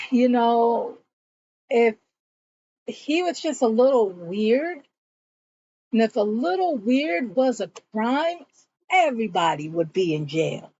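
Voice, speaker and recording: Slow-talking woman recapping an episode. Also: a little high, animated, darkish tone, no echo, muffled recording. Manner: chatty retelling, acts out quoted lines. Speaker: TV series reviewer.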